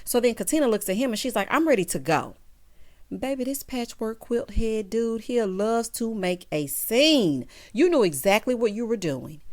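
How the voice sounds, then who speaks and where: A woman recapping a reality show, talking with sass straight to its cast and acting out their lines. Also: mid-range voice. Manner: sassy, talks straight to the people on the show; acts out each person's quoted lines. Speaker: recap vlogger.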